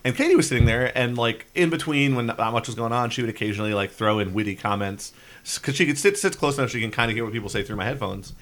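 A man's voice: mid-range voice, fairly bright tone. A man from California hosting a podcast, chatting casually and joking with friends. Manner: joking, quick banter. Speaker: podcast host. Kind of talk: casual group chat.

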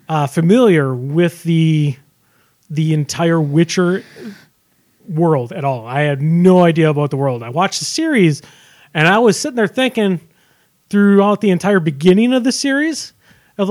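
Man, co-host, casual chat, rambling, halting, slightly high pitch. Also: expressive. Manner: halting, many restarts, rambling. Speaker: podcast co-host.

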